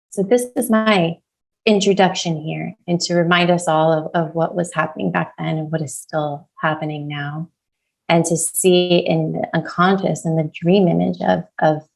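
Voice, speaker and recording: A woman's voice: on the low side, gravelly, rough recording. An American woman presenting her research in a lecture, stepping through a participant's quoted dream and inviting the group to reflect. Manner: reads quoted speech with lively emphasis. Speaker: researcher presenting award talk.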